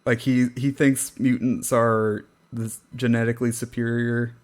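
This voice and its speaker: Slow, wry male podcast co-host. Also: mid-range voice, level tone. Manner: slow, wry and self-deprecating, trails off with laughs. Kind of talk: casual chat.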